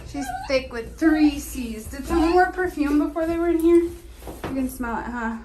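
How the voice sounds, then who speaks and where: A young woman vlogging her day on a phone camera, chatty and giggly, sometimes squeaking out quotes. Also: normal speed, mellow. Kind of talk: casual day-in-the-life vlog chat. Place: home and out on errands. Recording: noisy handheld phone recording.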